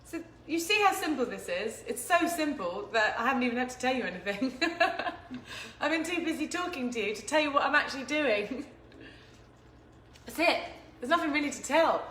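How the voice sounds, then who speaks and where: A woman talks casually as she cooks at home, her voice bright and a little high. She is chatty and giggly, and the kitchen around her sounds echoey with a faint hiss behind. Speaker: host of a home cooking stream. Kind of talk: casual chat while cooking. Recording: echoey room with faint noise.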